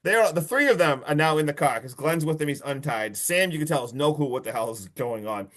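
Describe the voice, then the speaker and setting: Man, podcast host, fairly high voice, excitable, swears a lot, casual plot recap. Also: fairly quick. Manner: excitable, profane, recounts plot with swearing and laughs. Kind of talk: casual movie review chat.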